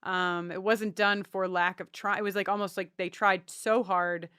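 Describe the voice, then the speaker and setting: A woman's voice: medium pitch, fairly even intonation, moderate pace, bright, forceful tone, clear, resonant tone, no echo, studio quality. A woman from Long Island co-hosting a TV rewatch podcast, chatting in a rambling way full of ums and restarts. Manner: chatty, self-interrupting, with frequent ums. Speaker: podcast co-host. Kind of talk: casual chat.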